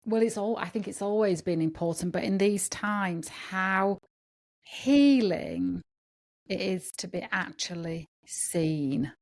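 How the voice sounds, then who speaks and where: Slow, gravelly-voiced woman host. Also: mid-range voice. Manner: thoughtful, measured. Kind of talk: conversational interview.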